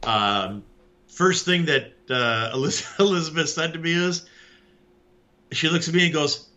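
Bright-voiced man telling a story, lo-fi sound. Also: fairly high pitch, measured pace. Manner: animated storyteller, acts out quotes. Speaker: podcast co-host. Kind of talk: casual chat.

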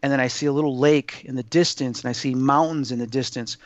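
A man telling a personal story as an interview guest, in an awed, halting way with many restarts. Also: mid-range voice, steady tone, no echo, muffled recording.

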